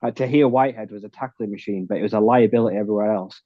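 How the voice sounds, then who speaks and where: A man's voice: lowish voice, very fast, no echo, muffled recording. A man giving blunt, opinionated takes on a podcast panel, swearing freely. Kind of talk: casual chat.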